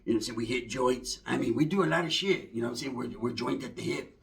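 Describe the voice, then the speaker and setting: A man's voice: mid-range voice, fast talker, vocal fry, a bit bright. A man telling a rambling, profane street story in casual slang, full of asides. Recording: voice from far off the mic.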